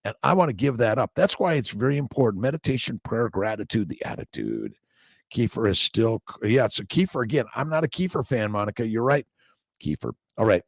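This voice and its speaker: A man's voice: on the low side, big pitch swings, a little fast, vocal fry, no echo, clean studio sound. A middle-aged man, a doctor hosting a morning livestream, talking loosely and repetitively as he reads viewer comments, preachy and casually swearing.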